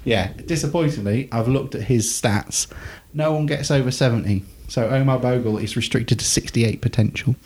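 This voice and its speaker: A man's voice: medium pitch, moderate pace, hardly any pauses, a little mellow. Chatty, rambling man on a podcast. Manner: rambling, self-mocking, lots of fillers. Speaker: podcast co-host. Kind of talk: casual chat.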